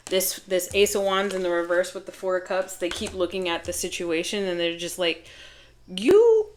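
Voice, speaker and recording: Woman tarot reader, low-ish voice, chatty and giggly, rambling and casual. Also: level tone, fairly quick, a little hiss or hum. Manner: chatty, laughing, self-interrupting. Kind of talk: casual tarot reading to camera.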